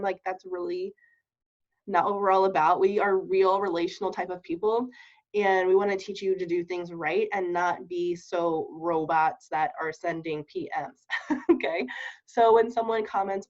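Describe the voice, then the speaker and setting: A woman's voice: lowish voice, fairly even intonation, moderate pace. Chatty woman coaching on camera, keeps asking "okay?", bit muffled lo-fi sound. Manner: chatty, laughs often, checks in with "okay?" and "right?". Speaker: network marketing trainer. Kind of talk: casual training talk to camera. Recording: dull lo-fi recording.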